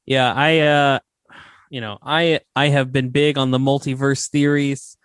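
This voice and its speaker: A man's voice: mid-range voice, a little slow, smooth, dry recording, studio quality. A man hosting a podcast, chatting casually and giving opinions with lots of fillers. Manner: relaxed, opinionated, many fillers. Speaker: podcast host. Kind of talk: casual chat.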